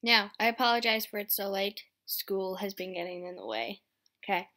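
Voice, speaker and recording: A woman's voice: medium pitch, big pitch swings, moderate pace, pushed and bright. A young woman introducing her voice auditions in a chatty, upbeat and apologetic way. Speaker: voice actor auditioning. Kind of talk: casual audition vlog.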